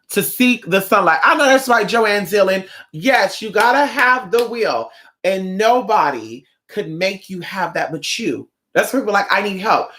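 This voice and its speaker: Sassy, profane livestream host. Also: medium pitch. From Northern California. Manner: sassy, profane, animated storyteller who acts out quotes. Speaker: livestreamer and spiritual shop-goer. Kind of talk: casual livestream chat.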